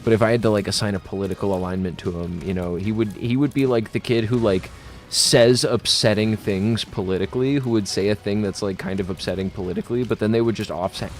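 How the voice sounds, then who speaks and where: A man's voice: on the low side, a little mellow. A man chatting casually on a live stream while playing a game, rambling and joking with frequent stammered restarts and laughter.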